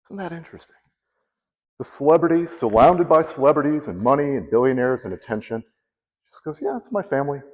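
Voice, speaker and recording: A contest speaker gives a humorous storytelling speech, animatedly acting out the people he quotes. His voice is mid-range and fairly quick, and a long hall reverb hangs on the recording.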